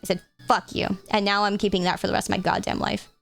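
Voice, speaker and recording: A young woman streamer chatting casually while playing games, swearing freely and getting excitable. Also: mid-range voice, fast, vocal fry, soft background music. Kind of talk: casual live-stream chat.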